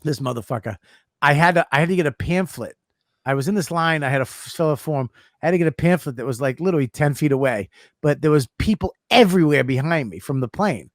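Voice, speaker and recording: A man's voice: a little high, expressive, quick pace, no echo, clean studio sound. A man co-hosting a comedy podcast, telling profane, rambling stories in casual chat. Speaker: co-host.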